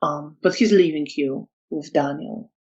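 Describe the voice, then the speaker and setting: Tabletop storyteller narrating a vampire game, slow and careful, muffled lo-fi sound. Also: mid-range voice, a little mellow. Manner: slow, descriptive narration with fillers.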